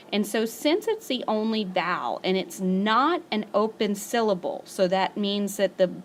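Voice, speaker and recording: Woman, teacher, recorded spelling lesson, patient, drawn-out example words, faint background hiss. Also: medium pitch. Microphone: screencast voice-over.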